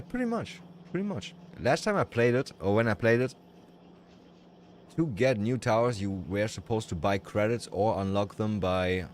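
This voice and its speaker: A deep-voiced man streams a game and chats casually, rambling with strong opinions and restarting often. Music plays loudly behind him, with slight background noise as well.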